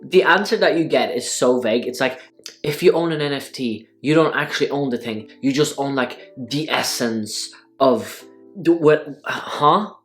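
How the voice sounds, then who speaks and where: A man's voice: medium pitch, moderate pace, a bit bright, soft background music. A man hosting a casual eating vlog, talking through mouthfuls in a wry, sarcastic way. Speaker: food vlogger. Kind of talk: casual mukbang vlog talk.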